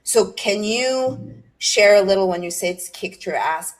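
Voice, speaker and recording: A woman's voice: mid-range voice, lively intonation, measured pace. A woman in a casual conversation, asking curious questions and feeling her way through them as she speaks.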